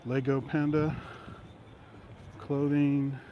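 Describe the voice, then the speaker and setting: A man's voice: medium pitch, level tone, drawn-out words, highs cut off. A man casually narrating a walk through city streets, rambling through anecdotes with many fillers, recorded on a handheld camera mic while walking. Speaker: vlogger. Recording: street noise behind voice. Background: traffic and city ambience.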